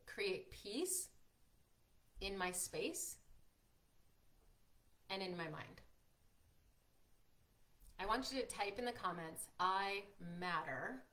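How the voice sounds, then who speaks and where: A woman hosting a live-streamed workshop, chatty and encouraging, reading out viewers' comments and filling pauses with "like" and "um". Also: medium pitch, a bit bright. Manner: encouraging, frequent fillers like "like" and "um". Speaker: workshop host and coach.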